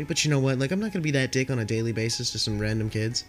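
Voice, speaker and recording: A man's voice: mid-range voice, quick pace, hardly any pauses, faint music behind. A man casually telling rambling stories from his night shift at a store, laid-back and swearing a lot, sniffling from allergies. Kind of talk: casual storytelling.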